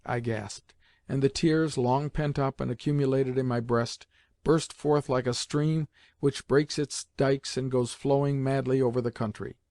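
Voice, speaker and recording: A man's voice: medium pitch, dry recording. Man narrating an audiobook, dry and close. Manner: measured, even storytelling. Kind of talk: scripted narration.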